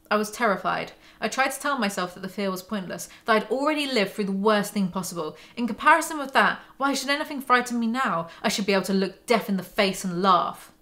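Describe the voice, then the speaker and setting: A woman's voice: mid-range voice, pushed and bright. A woman hosting a book breakdown, reading passages aloud and adding sarcastic, mocking asides. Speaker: book commentary host.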